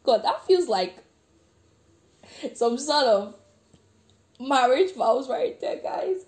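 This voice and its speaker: Young woman rambling on her podcast, warm mellow voice, giggly and chatty. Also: mid-range voice, expressive, moderate pace. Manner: chatty and giggly, reads a letter aloud with feeling. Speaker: podcast host. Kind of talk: casual podcast monologue.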